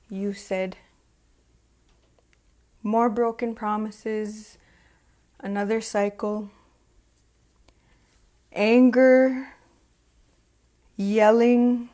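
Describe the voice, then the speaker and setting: A woman performing a spoken word poem with a measured, deliberate delivery and long pauses. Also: a little high, level tone, a little mellow. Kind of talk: spoken word poetry recitation.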